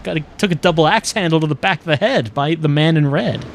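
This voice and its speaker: A man's voice: on the high side, quick pace, noisy background. A man giving sarcastic, joking commentary while playing a video game. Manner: sarcastic, self-mocking jokes. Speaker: let's play commentator. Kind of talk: casual gameplay commentary.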